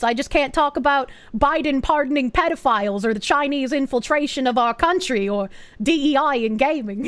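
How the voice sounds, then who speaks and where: High-voiced, excitable woman streamer. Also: dry recording. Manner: excitable, swears freely, reads chat aloud. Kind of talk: casual live-stream chat.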